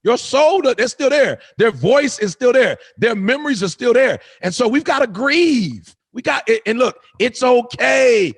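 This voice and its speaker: A man's voice: very high-pitched, lively intonation, unhurried, hardly any pauses, husky. A middle-aged man giving an impassioned motivational talk, repeating phrases for emphasis in a preaching cadence. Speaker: motivational speaker.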